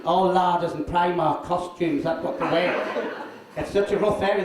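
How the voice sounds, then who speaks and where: An older man, a drag performer telling crude, deadpan anecdotes on stage. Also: sits high, moderate pace, a crowd in the background. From North East England. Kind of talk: bawdy stand-up storytelling. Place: live show venue. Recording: echoey room, from far off.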